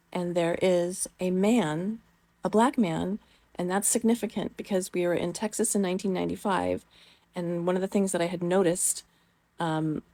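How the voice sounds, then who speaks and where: A woman's voice: on the low side, mellow, no room sound. A middle-aged woman telling a personal story in a rambling, casual way, with many fillers and the odd swear word.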